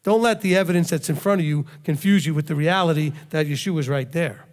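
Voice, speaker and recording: A man's voice: a little high, animated, fairly quick, hardly any pauses. A man who leads a congregation, preaching a conversational sermon full of rhetorical questions and emphatic repetition. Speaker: rabbi, congregation leader. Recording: long hall reverb.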